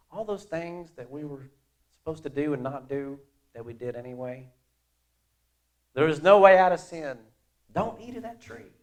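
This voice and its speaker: A middle-aged male pastor delivers a sermon in a relaxed, conversational way. His voice sits in an ordinary middle pitch for a man. He leans hard on key phrases and tosses off quieter asides. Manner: conversational and animated, swinging between loud emphasis and quiet asides.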